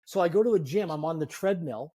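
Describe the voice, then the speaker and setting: A man in his fifties, a guest telling animated, self-deprecating stories in a conversation. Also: fairly high pitch, fast talker. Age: 50s. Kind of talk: storytelling in a conversation.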